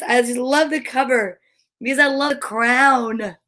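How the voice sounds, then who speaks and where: A woman's voice: fairly high pitch, steady tone, measured pace, pauses often, fairly bright tone. A woman hosting a storytime, reading a fairy tale aloud with playful chatty asides. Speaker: storyteller host. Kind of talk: children's read-aloud.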